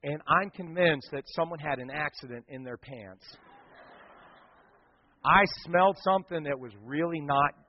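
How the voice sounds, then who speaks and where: A male pastor with a high voice preaches a sermon, moving between loud bursts and near-whispers as he tells his story. The sound is dull and a little muffled, and a long reverb trails behind him as in a big sanctuary. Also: unhurried. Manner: animated storytelling with dramatic swings in volume.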